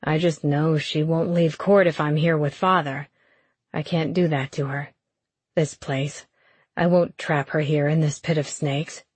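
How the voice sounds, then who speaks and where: Figure: a woman voicing a gentle young nobleman, steady and reassuring. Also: deep voice, unhurried, husky, no room sound, voice pushed down. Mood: calm.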